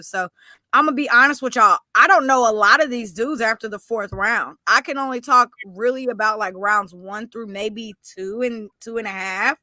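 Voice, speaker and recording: A woman co-hosting a podcast, chatting about football in a talkative, animated way and correcting herself as she goes. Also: fairly high pitch, no echo. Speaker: podcast co-host. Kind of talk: casual sports chat.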